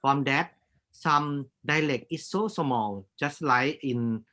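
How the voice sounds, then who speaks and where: This is a man with a Thai accent, explaining at a very unhurried pace in a bright, forceful voice. He stops often to search for words and fills the gaps with hesitations, as a guest lecturer in a panel discussion. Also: mid-range voice. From Thailand. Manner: hesitant, many filler pauses, halting non-native English.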